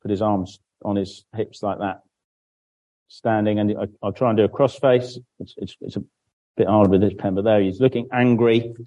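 A man's voice: on the low side, steady tone, normal speed, mellow, lo-fi sound. A man giving a children's Bible talk in church, explaining simply and asking questions that he then answers himself. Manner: draws on a board while speaking, with frequent restarts.

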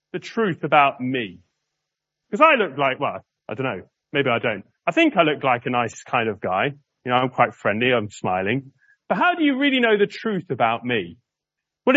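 A man preaching a sermon in a church, chatting with the congregation and slowing down to stress key words. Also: mid-range voice, fairly bright tone, no room sound, dull audio. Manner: conversational, asks the congregation questions.

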